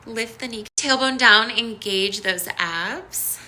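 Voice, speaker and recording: A woman teaching a live-streamed yoga class, giving slow, soothing cues and bubbly greetings to viewers. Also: a little high, pushed and bright. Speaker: yoga instructor. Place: home studio in downtown Los Angeles.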